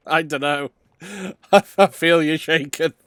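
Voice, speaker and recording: A man's voice: a little high, extremely slow, fairly bright tone, no room sound, clean studio sound. A man streaming a game, casually thinking aloud as he plays. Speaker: let's play streamer.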